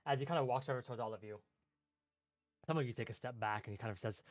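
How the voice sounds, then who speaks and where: A man narrating a tabletop game as game master in a loose, relaxed way with lots of filler words. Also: mid-range voice, fast, pauses often, no echo, studio quality.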